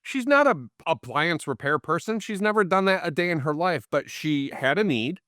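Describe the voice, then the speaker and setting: A man's voice: fairly high pitch, normal speed, dry recording, studio quality. A man, the guest in a casual interview, tells anecdotes and acts out the people in them. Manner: animated storyteller, acts out quoted people.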